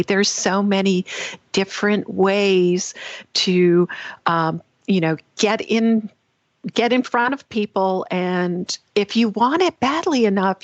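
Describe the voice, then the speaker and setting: A woman podcast host responding to her guest with warm affirmation. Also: mid-range voice, dry recording. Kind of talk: interview chat. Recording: dull lo-fi sound, dry.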